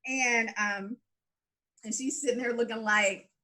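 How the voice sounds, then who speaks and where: Bright high-voiced woman chatting. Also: a little slow. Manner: animated, laughs often, quotes reactions. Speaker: podcast co-host. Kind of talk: casual recap chat.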